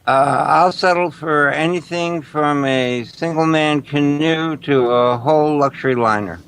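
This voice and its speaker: A man's voice: fairly high pitch, unhurried, fairly bright tone, clear, resonant tone. A man, a recording engineer on a review panel, easygoing and jokey. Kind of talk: casual webcast banter.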